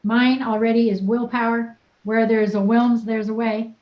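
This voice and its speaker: A woman's voice: fairly high pitch, level tone, normal speed, reverberant, highs cut off. A woman wellness coach leading a group session, talking in an upbeat, playful, encouraging way.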